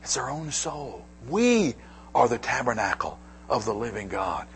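A male pastor preaching a sermon, dropping to hushed asides and rising to emphatic declarations. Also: mid-range voice, big pitch swings, measured pace, a little hiss or hum.

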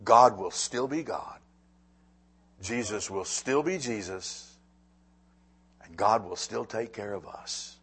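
This middle-aged pastor's voice sits on the low side with a breathy edge, and he takes his sermon slowly with long pauses. Animated throughout, he shifts from loud emphasis to hushed asides and repeats words often.

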